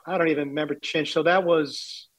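Brief: man, 60s, raised-pitch voice, candid anecdotal storyteller, dry close sound. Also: fairly even intonation, a little fast, no room sound, poor audio. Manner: candid, self-deprecating anecdotes. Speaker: baseball executive guest. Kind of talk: storytelling interview.

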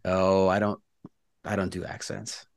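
A man's voice: deep voice, monotone, measured pace, vocal fry, no echo, clean studio sound. A middle-aged man from Southern California, hosting a podcast and asking easygoing, conversational questions. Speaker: podcast host. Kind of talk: casual interview.

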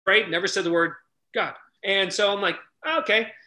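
An energetic middle-aged man telling stories as a podcast guest, acting out the people he quotes. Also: high-pitched, moderate pace. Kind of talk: animated storytelling.

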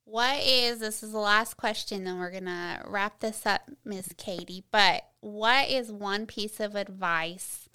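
A woman hosting a podcast, speaking in an earnest, encouraging and deliberate way. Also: mid-range voice, pushed and bright, smooth. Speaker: podcast host. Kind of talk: warm podcast interview.

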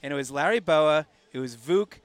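A middle-aged man hosting a podcast, telling stories in a lively, casual way and laughing often. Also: on the high side, brisk. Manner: animated storyteller, laughs often. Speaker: podcast host. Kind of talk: casual chat.

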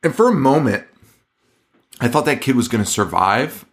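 A man's voice: mid-range voice, animated, moderate pace. A young man co-hosting a podcast, recapping a film in a loose, profane, laughing way. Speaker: podcast co-host. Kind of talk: casual chat.

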